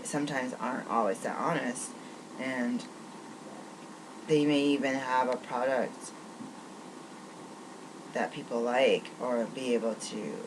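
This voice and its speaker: Agitated woman ranting over air-con hum. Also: very deep voice. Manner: rambling, agitated ranting with many restarts. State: riled up, angry. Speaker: vlogger. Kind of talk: venting vlog monologue.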